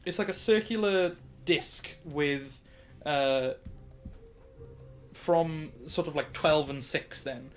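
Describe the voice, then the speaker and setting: Guy game master rambling on about a scene, fairly high voice, faint music behind. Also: slow. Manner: rambling, filler-heavy descriptions. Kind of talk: narrating a tabletop game.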